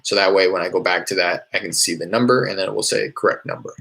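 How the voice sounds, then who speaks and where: A man with a very deep, gravelly voice talks through his cold-calling method in a relaxed, chatty way, full of fillers and restarts. His tone stays bright and clear on top of the low rumble. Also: fast. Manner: loose and conversational, many fillers and restarts. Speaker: real estate wholesaler teaching cold calling. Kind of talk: casual explanatory tutorial. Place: small hot indoor room.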